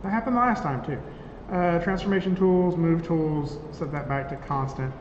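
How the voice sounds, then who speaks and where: A man instructor giving a conversational classroom software lecture, checking in with his students as he works. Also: on the high side, moderate pace, slight background noise. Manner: conversational, checks in with "right?" often. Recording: roomy classroom, dull lo-fi sound.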